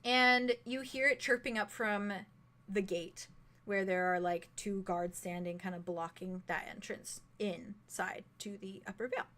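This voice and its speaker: A woman's voice: mid-range voice, fairly even intonation, unhurried, a bit bright. A woman narrating a live-streamed tabletop game as game master, giggling and rambling through asides.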